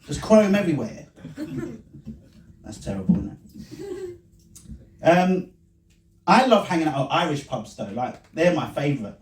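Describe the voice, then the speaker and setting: A man's voice: fairly high pitch, huge pitch swings, a little slow, pauses often, darkish tone, a little hiss or hum. A man doing a loose, self-mocking stand-up set in a small room, his voice swinging widely up and down. The sound is roomy and a little distant, picked up from across the space. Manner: rambling, self-mocking, frequent laughing asides. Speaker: stand-up comedian. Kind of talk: stand-up set and vlog commentary. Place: small pub comedy room. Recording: echoey room recorded from a distance.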